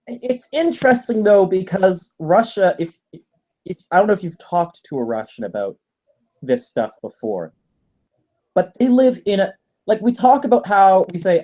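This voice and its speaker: Animated man in casual podcast chat. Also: high-pitched, moderate pace, muffled recording. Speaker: podcast co-host.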